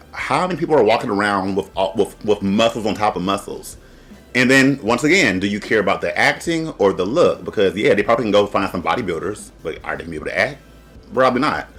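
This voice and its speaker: A man's voice: lowish voice, a bit bright. A man hosting a casual review, chatty and blunt, joking and laughing often. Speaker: host.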